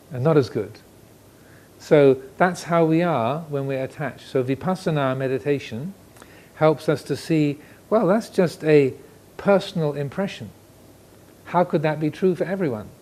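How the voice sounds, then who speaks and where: A man, a Buddhist monk, giving a dharma talk indoors, reflective and pausing, asking questions as he goes. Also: fairly high pitch, darkish tone. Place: indoor room with air conditioner. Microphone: filmed by cameras.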